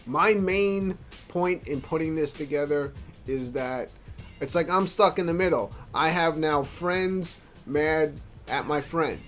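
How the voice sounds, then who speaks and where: A drunk man hosting a podcast, trying to calm a dispute between friends. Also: on the high side, slow, faint music behind. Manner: conciliatory, rambling. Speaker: podcast host. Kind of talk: casual podcast talk.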